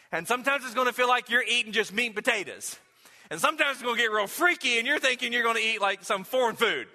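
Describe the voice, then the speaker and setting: A man's voice: extremely high pitch, pushed and bright, in a large hall. A man preaching a sermon as pastor, talking conversationally and posing many rhetorical questions to his congregation. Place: church sanctuary.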